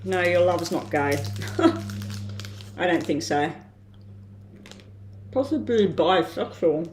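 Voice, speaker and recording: A woman giving a live-stream tarot reading in a casual way, thinking aloud with frequent ums and pauses. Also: lowish voice, animated, a little mellow, slight background noise. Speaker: tarot reader. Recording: roomy echo.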